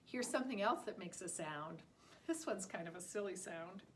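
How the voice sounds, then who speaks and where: A woman's voice: medium pitch, expressive, normal speed, slight background noise. A woman teaching a listening lesson to preschool children, talking in an exaggerated, sing-song way.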